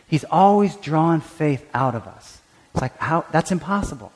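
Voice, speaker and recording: A man's voice: high-pitched, normal speed, big-room sound. A man preaching a sermon as pastor, acting out quoted prayers and often restarting his words. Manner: animated, acts out quoted prayers and voices; frequent stammered restarts.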